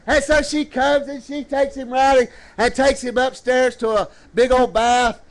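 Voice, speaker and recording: High-voiced preacher man spinning a story in church, calls out to the folks, stretches lines out slow and dramatic. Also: little pitch movement. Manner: call-and-response, dramatic swoops into high slow phrases. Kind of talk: storytelling sermon. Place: church service.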